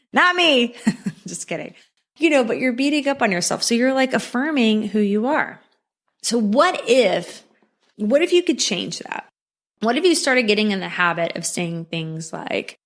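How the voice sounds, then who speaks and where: A woman's voice: mid-range voice, lively intonation, a little slow, a bit bright. A woman hosting her own podcast, talking through self-talk in an upbeat, coaching way, full of rhetorical questions and asides. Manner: upbeat, coaching, rhetorical questions with frequent "right?" and "you know". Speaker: podcast host. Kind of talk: motivational solo podcast talk.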